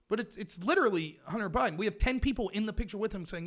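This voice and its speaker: Mocking male livestream host from the US, high voice, swings up and down a lot. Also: big pitch swings, racing, few pauses, fairly bright tone. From United States. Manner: sarcastic, mocking, ranting. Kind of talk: livestream commentary reading chat.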